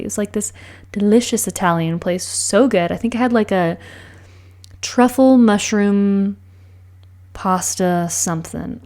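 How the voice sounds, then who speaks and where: A woman's voice: medium pitch, a little mellow. A young woman telling a chatty, gushing vlog story with many fillers. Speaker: planner vlogger. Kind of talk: casual vlog voice-over.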